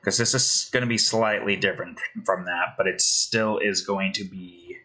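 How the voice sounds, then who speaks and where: A man's voice: low voice, fairly even intonation, normal speed, bright, forceful tone, rough recording. A man, a game developer, thinking aloud as he builds, muttering hesitantly and questioning himself.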